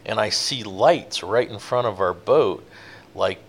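A man telling a long fishing-boat story in a relaxed, rambling interview, with many fillers. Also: fairly low pitch, a little slow. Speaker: guest, offshore fishing boat captain.

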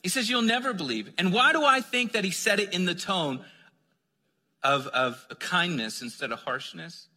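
A man preaching a sermon, conversational and joking, dropping to a soft voice when he reads scripture. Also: high voice, moderate pace. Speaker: pastor. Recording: long hall reverb.

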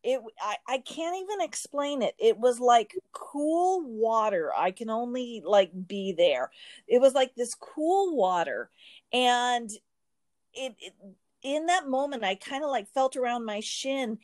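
Animated woman telling a story. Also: a little high, unhurried, no echo. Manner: animated storyteller, restarts and self-interrupts. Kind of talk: casual conversation.

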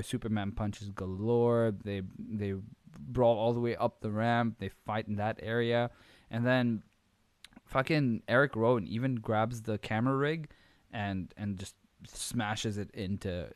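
A male podcast host with a fairly low voice rambles casually through a wrestling recap in a dry recording. He swears a lot, uses plenty of fillers and drops in quick impressions.

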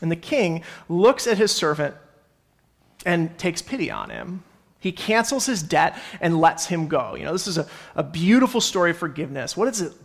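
A man's voice: fairly high pitch, animated, normal speed, vocal fry. A young adult man giving a conversational sermon as pastor, reading scripture and stopping to explain it. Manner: conversational, self-correcting, reads scripture aloud.

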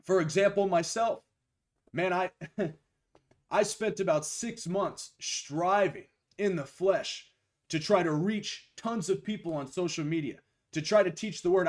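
A young man with a fairly high voice preaches a sermon over a live stream. His voice is a little hoarse after a week of preaching. He talks with conviction, slowing down to lean on the key phrases. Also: a little mellow. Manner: emphatic, slows and stresses key phrases, greets viewers by name. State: losing his voice.

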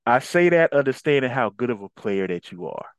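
Animated, laughing male podcast co-host. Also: medium pitch, a little fast, smooth, no room sound. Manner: laughing, playful trash-talk. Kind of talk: casual podcast chat.

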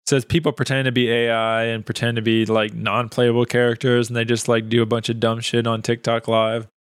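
Smooth, dry-voiced laid-back podcast guy. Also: mid-range voice, flat delivery, brisk, no room sound. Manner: laid-back, laughs often, explains things. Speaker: podcast co-host. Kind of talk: casual podcast banter.

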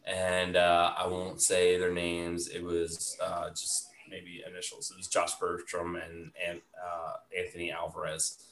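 Low, bright-toned man, rambling casual storyteller, echoey room. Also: monotone, a little slow, few pauses. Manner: rambling, heavy on "like" fillers.

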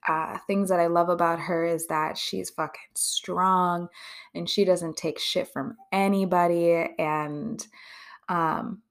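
A woman therapist talks straight to her listeners in a loose, conversational monologue, blunt and unfiltered with plenty of swearing. Her voice sits on the lower side for a woman. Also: steady tone, slow pace. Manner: candid and conversational, with frequent swearing. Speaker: therapist and podcast host. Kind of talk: casual podcast monologue.

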